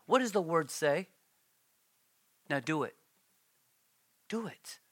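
A middle-aged man preaching a sermon in church, animated, his voice climbing when he tells stories. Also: a little high, unhurried, dry recording. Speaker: pastor.

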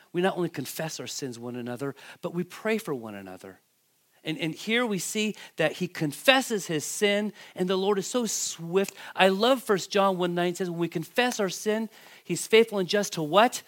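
A middle-aged man preaching a sermon, animated and calling out questions to the congregation. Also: sits high. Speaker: pastor.

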